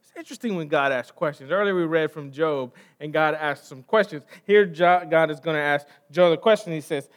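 An American man preaching a sermon, conversational and asking the congregation questions, swinging from loud emphasis to quiet trailing line endings. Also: a little high, a little fast. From United States. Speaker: pastor.

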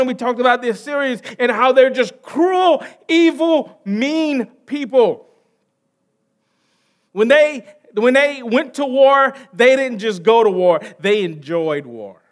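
An American pastor with a notably high voice delivers a sermon. He talks to the congregation in a loose, conversational way, throwing them questions. He leans hard on some words and lets others fall away almost to nothing. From United States. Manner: dramatic shifts between loud emphasis and quiet trailing endings.

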